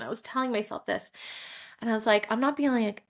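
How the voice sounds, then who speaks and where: A woman's voice: a little high, fast talker. Candid woman podcaster. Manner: candid, emotional storytelling with many fillers. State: close to tears at times. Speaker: podcast host. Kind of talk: solo podcast monologue.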